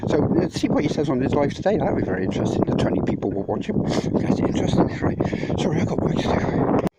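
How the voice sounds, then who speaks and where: Breathless bloke ranting outdoors. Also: male voice, fairly high pitch, sing-song, fast talker. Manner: rambling, sweary, ranting at a rival. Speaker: vlogger. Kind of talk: casual walk-and-talk vlog. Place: outdoors at a building site in hot weather. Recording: clear background noise with clicks.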